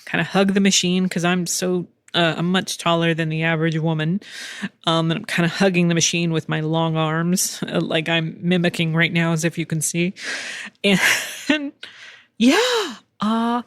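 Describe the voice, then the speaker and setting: A woman's voice: on the low side, dry recording. Woman podcast host, candid storyteller, frequent laughs, dry close sound. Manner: candid, chatty, laughs often, swears casually. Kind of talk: casual storytelling monologue. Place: home in Texas.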